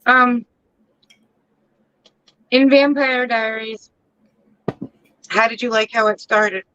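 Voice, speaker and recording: A woman's voice: a little high, steady tone, slow, sharp tone, clean tone, highs cut off. A woman co-hosting a casual live stream, chatting and telling stories. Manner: chatty storyteller.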